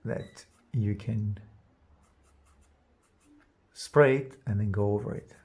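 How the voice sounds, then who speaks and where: A man giving a drawing lesson, thinking aloud as he works and trailing off into soft murmurs. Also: fairly low pitch, takes it slowly, slightly rough. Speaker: art teacher. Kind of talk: drawing demonstration.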